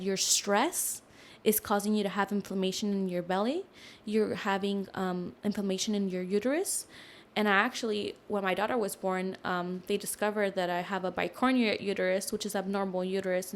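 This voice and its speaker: A young woman appears as a podcast guest, sharing a personal story at a normal pace. She's casual and animated, packs her speech with fillers, and drops her voice whenever she quotes someone else.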